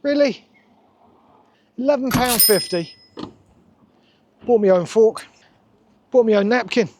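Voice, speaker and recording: A man's voice: very high voice, lively intonation, slow pace, noisy background. A man reviewing takeaway food in a casual vlog, sarcastic and exasperated.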